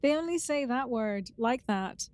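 A woman co-hosting a podcast, teasing her partner with quick retorts in casual chat. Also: fairly high pitch, animated, a little mellow. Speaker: podcast co-host.

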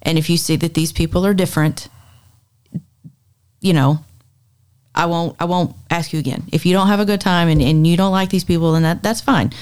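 Chatty woman, lower voice. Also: steady tone, a little fast, long pauses, darkish tone, clear, resonant tone. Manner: chatty, repeats words as she recounts. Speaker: podcast co-host. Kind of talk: casual chat.

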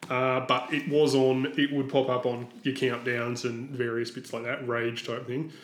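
A man's voice: medium pitch, little pitch movement, moderate pace. Chatty man in a roomy echo. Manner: chatty, laughs often, recites lyrics playfully. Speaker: podcast co-host. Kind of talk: casual chat about music.

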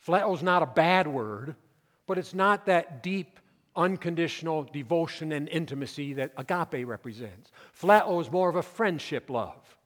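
A male pastor preaching a sermon, swinging between loud emphatic declarations and quiet asides. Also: fairly high pitch, lively intonation, moderate pace, big-room sound.

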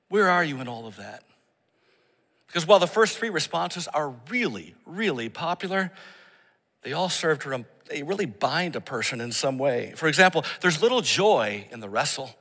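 A man preaching a sermon as pastor, swinging from raised, emphatic lines to hushed, prayerful murmurs. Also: fairly high pitch, sing-song, moderate pace, long reverb tail. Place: church service that is also streamed online.

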